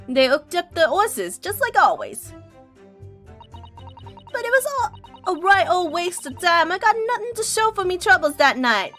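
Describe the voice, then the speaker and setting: A woman's voice: very high-pitched, a bit bright, voice pushed up, exaggerated voice. Woman voicing a cocky street pickpocket girl. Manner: brash slangy street talk.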